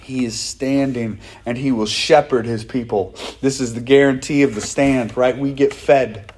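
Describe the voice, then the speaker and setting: A man's voice: mid-range voice, fairly even intonation, measured pace, a little mellow, husky. A man preaching a sermon, emphatic, repeating key phrases for stress. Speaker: pastor.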